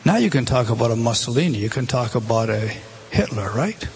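A man's voice: medium pitch, sing-song, brisk, a little hiss or hum. A man preaching a sermon, emphatic and often repeating words as he speaks.

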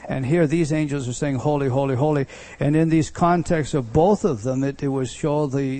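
Mellow-voiced man teaching a sermon. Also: mid-range voice. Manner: conversational, with frequent restarts and rising emphasis. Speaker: pastor teaching a Bible study.

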